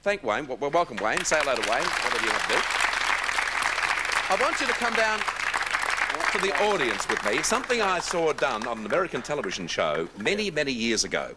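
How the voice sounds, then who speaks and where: A man's voice: mid-range voice, sing-song, fairly quick, a loud crowd. An Australian man hosting a live TV talk show, rambling and joking with the studio audience, often laughing. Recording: 1980s TV broadcast, loud audience noise.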